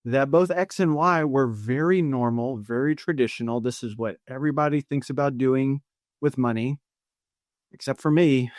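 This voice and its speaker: A male financial coach tells a story in an easy, rambling way. His voice is at a middle pitch and unhurried. The sound is dry, with no room heard. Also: no room sound. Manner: relaxed, anecdotal, many fillers and restarts. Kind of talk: podcast storytelling.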